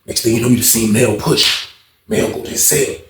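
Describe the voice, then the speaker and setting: A young man with a mid-range voice speaks fairly quickly, loosely narrating a jailhouse story in slang. He acts out what people said with animation, and the recording has an echoey room sound.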